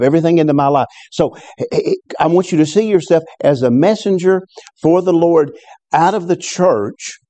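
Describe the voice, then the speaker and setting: Man, pastor, sermon, fervent, stammers and repeats, slightly high, mellow tone. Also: dry recording. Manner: fervent, repeats words, rises in pitch on exclamations. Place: church service.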